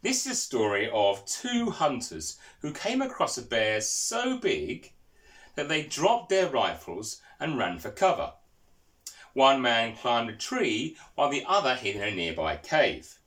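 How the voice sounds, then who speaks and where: A man's voice: mid-range voice, big pitch swings, a little slow, fairly bright tone. A man preaching a sermon, telling stories and asking the congregation questions. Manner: storytelling, asks the listeners questions.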